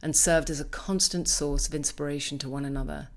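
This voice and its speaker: Woman, low pitch, scripted narration, measured, earnest. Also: steady tone.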